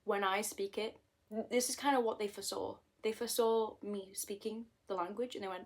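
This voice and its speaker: A woman's voice: medium pitch, fairly even intonation, a little fast. Rambling British woman in her twenties. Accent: British English. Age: 20s. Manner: rambling, self-mocking, jumps between topics. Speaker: vlogger. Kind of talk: casual chatty monologue.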